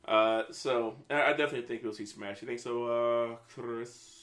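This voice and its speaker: A man's voice: mid-range voice, moderate pace, a bit bright. A man hosting a casual gaming podcast, steering the topics, laughing easily and swearing casually. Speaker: podcast host.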